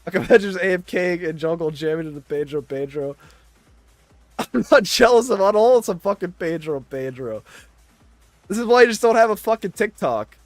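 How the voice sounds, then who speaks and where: A man's voice: sits high, expressive, moderate pace, no room sound, faint music behind. A man ranting in casual chat, exasperated and swearing constantly.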